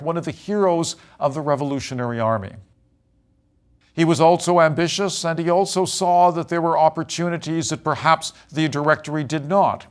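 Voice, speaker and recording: A man giving a history lecture in a measured way, pausing with frequent fillers as he talks. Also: fairly high pitch.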